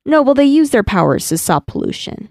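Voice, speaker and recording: A woman's voice: high-pitched, very animated, brisk, creaky, darkish tone, dry recording, clean studio sound. A woman explaining a cartoon in casual chat, hesitant, with many fillers and restarts.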